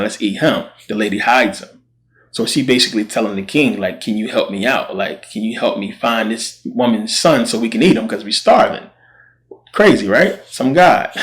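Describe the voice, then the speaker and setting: A man casually retelling a Bible story in slangy speech, acting out what the characters say. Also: fairly low pitch. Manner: slangy, animated quoting of characters.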